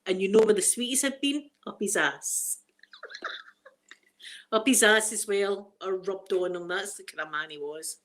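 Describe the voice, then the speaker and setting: Middle-aged Scottish woman, rambling storyteller, casual live chat host, mid-pitched, easy laughter. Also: unhurried. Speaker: livestream host.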